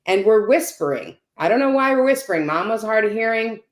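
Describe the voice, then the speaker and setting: A woman telling a personal story as a guest on a video call, animated and often checking in with "right?". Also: on the high side, a little fast. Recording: roomy echo.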